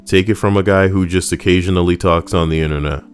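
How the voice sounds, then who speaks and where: A man hosting a casual reaction stream, talking in a slangy, animated way and swearing freely. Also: sits low, fast talker, soft background music. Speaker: streamer host.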